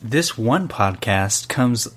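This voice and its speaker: A man's voice: mid-range voice, animated, slow, fairly bright tone. A young man hosting a casual podcast, reading listener questions and teasing his co-hosts. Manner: joking, teasing.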